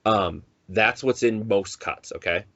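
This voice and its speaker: A man's voice: fairly low pitch, a little slow, fairly bright tone, no room sound, muffled recording. A man co-hosting a podcast in casual chat, rambling with many restarts and acting out quotes. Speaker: podcast co-host.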